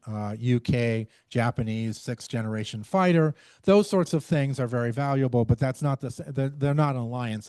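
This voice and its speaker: A man giving an academic presentation in a measured way, often pausing with fillers and restarting his sentences. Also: medium pitch, a little mellow, no room sound. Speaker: researcher giving a talk.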